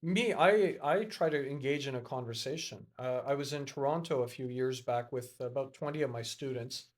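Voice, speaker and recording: A lively middle-aged man, an educator and networker appearing as a podcast guest, tells animated stories in an interview. His voice is medium in pitch and moderately paced, and he acts out dialogue in a raised voice.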